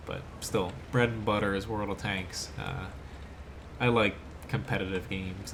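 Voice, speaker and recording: A man's voice: lowish voice, fairly even intonation, unhurried, slight background noise. A man from South Jersey with an American accent, chatting casually as he streams a game live and answers his chat. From South Jersey, USA. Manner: laid-back, chatty, answers chat between plays. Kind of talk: live gameplay commentary.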